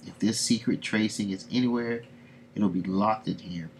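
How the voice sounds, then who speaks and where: A man reading a calm, wry professor. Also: fairly low pitch, moderate pace, a little hiss or hum, close to an everyday voice, poor audio. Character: dry-humored male professor, calm and confident.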